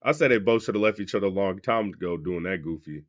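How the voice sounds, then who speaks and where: A man with a very low voice talks loosely and casually, throwing questions at his viewers as he reacts to clips. The sound is a bit dull and muffled. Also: animated, fast talker. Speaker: reaction video host. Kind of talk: casual commentary.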